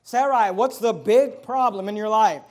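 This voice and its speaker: A man's voice: high voice, moderate pace. A man preaching a sermon, reading scripture aloud and stressing key words.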